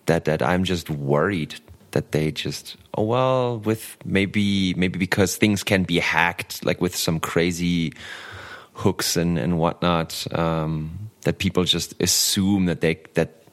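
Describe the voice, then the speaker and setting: A man's voice: sits low, slow pace, a bit bright. A man speaking as a guest on a tech podcast, hesitant with lots of restarts and a wry humor. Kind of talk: casual tech podcast chat.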